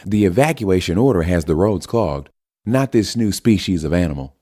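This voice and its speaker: A man's voice: low voice, lively intonation, moderate pace, mellow, voice pushed up. A man voicing a folksy, blustering male senator.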